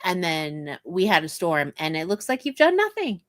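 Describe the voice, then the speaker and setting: A woman co-hosting a relaxed talk show, chatting and telling stories. Her pitch rises and falls a lot as she talks. The sound is dry and close. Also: normal speed, no echo. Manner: lively, animated storyteller. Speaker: co-host. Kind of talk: casual chat.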